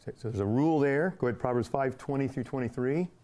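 A man's voice: mid-range voice, fast, mellow. A man teaching a church Bible class in a conversational, folksy way, acting out little scenes.

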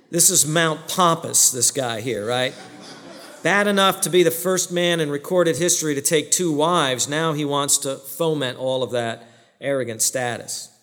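A man with a medium-pitched, slightly bright voice preaches a sermon as the pastor. He's emphatic, posing questions to the congregation and answering them himself, and a large hall gives the recording a long reverb.

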